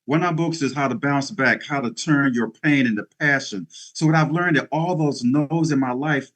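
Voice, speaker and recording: A man's voice: medium pitch, moderate pace, a bit bright. A middle-aged man giving an interview as a guest speaker, talking in an emphatic, preacherly way with bursts of energy. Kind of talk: motivational interview talk.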